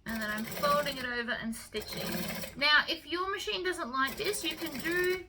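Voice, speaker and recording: A woman hosting a sewing tutorial, talking through each step in a relaxed, chatty way with the odd um and uh. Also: high voice, normal speed, background noise. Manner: relaxed, chatty instruction with fillers.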